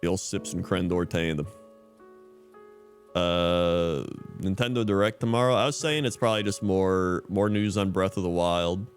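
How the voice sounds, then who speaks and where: A man's voice: low voice, moderate pace, faint music behind. A man streaming live in casual chat, reading out usernames and laughing often.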